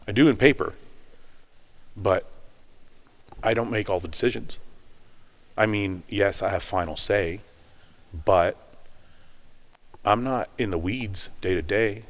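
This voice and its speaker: A middle-aged man speaking candidly in an interview, intense and animated, building emphasis as he tells his story. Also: deep voice. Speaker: podcast guest, bodybuilder turned business owner.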